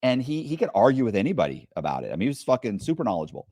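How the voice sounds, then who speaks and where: A man, a podcast guest, telling stories in a casual, profane and animated way. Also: medium pitch, rapid-fire, no echo, studio quality. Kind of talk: casual storytelling.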